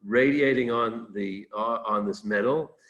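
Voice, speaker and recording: A man's voice: lowish voice, measured pace, a bit bright, highs cut off. A man giving an informal Torah talk as a rabbi, thinking aloud, restarting often, and quoting Hebrew texts before explaining them in plain words.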